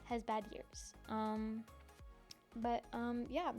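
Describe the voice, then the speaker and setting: A woman's voice: on the high side, steady tone, drawn-out words, soft background music. A young woman hosting a casual solo podcast, gushing and giggling, with many ums and likes. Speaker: podcast host.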